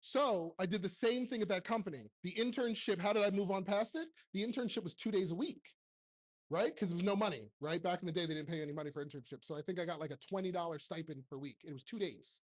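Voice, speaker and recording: A keynote speaker and TV producer in his forties talks fast in a high-sitting voice. Holding a handheld mic on stage, he delivers blunt, jokey motivation to a live audience and fires off rhetorical questions.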